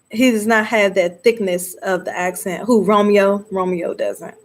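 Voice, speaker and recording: A woman's voice: medium pitch, fairly even intonation, slow. A woman hosting a live movie discussion, chatting casually with viewers and laughing often.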